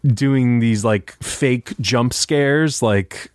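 A man's voice: medium pitch, extremely slow, darkish tone, no echo, clean studio sound. A man co-hosting a podcast, chatting casually about a film and rambling with many fillers. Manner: rambling, full of fillers like "you know". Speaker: podcast co-host.

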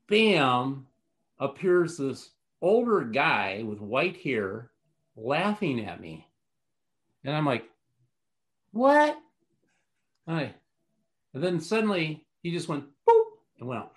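A man telling a long personal story in a casual interview, rambling with many fillers and restarts. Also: medium pitch. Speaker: guest.

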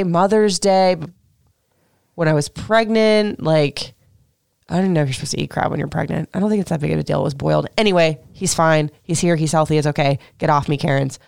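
A woman's voice: low voice, gravelly, smooth, no echo, studio quality. A woman in her thirties from Florida hosting a podcast, talking in a candid, rambling, emotional way. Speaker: podcast host and mother. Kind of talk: casual podcast chat.

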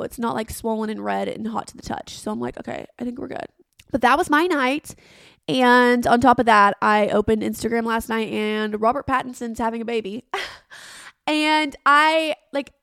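A woman's voice: on the high side, creaky, fairly bright tone, no room sound, studio quality. A woman, hosting her podcast in a rambling, self-mocking, dramatic chat. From Arkansas. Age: 20s. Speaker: podcast host. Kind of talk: casual solo podcast chat.

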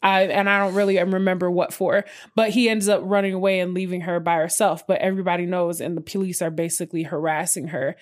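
A woman in casual, animated chat who swears a lot and jumps into quick asides. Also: on the low side.

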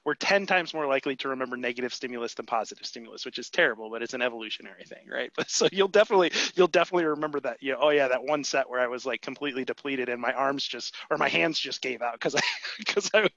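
Fast, encouraging male podcast host, dry and slightly dull-sounding recording. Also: mid-range voice, animated, fairly bright tone, no echo. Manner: fast, encouraging, repeats words when starting phrases. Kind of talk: casual interview chat.

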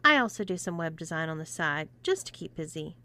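A woman's voice: low-pitched, very animated, fairly quick, pushed and bright, exaggerated voice. A woman voicing a playful, mock-sympathetic young woman who jokes. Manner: joking, playful.

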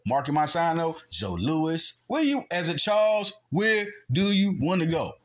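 This man's voice sits a little high and sounds animated, moving at an unhurried pace with few pauses. He's hosting a podcast, arguing heatedly through a sports commentary monologue while imitating punches with sound effects.

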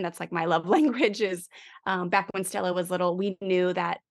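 A woman's voice: lowish voice, moderate pace, gravelly. A middle-aged woman, a parenting guest expert, speaking in a conversational interview and acting out quoted lines to children and a spouse. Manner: animated, acts out quoted lines to kids and spouse.

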